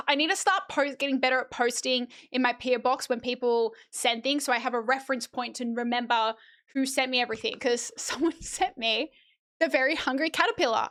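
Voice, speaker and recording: A woman's voice: high-pitched, a little fast, a bit bright. A young woman streaming casually, chatting and reading a children's book aloud in a playful way, swearing for laughs. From Australia.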